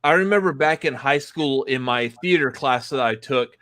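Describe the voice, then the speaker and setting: A man co-hosting a casual chat, telling a relaxed story. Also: medium pitch, moderate pace, no room sound. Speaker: co-host.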